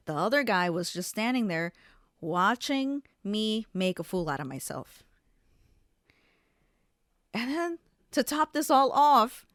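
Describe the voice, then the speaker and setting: A young adult woman hosting a podcast, telling a story in a casual, profane way with sudden loud outbursts. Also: on the high side, dry recording, clean studio sound. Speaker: podcast host.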